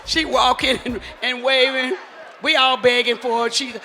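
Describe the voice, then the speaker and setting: A man, emceeing a live event with loud, teasing crowd banter on a handheld mic. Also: very high voice, fairly even intonation, moderate pace, faint music behind. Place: large hall at a live event. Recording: echoey hall with faint ambient noise.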